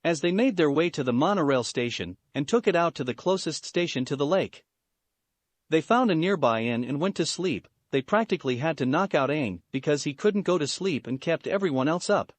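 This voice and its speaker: Male storyteller, steady delivery, dry booth sound. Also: fairly high pitch, brisk, no room sound. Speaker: fan fiction narrator. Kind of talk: scripted narration.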